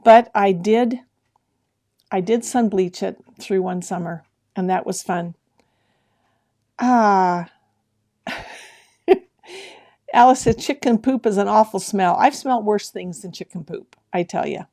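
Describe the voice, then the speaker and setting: A woman's voice: mid-range voice, slow, pauses often, darkish tone. A middle-aged woman hosting a sewing livestream, chatting casually and greeting viewers by name with frequent laughs. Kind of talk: casual live-stream chat with viewers.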